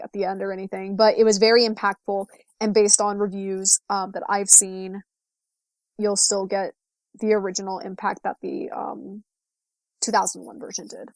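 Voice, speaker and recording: A woman's voice: mid-range voice, no echo, clean studio sound. A woman co-hosting a casual gaming podcast, giggly and playful. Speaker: podcast co-host.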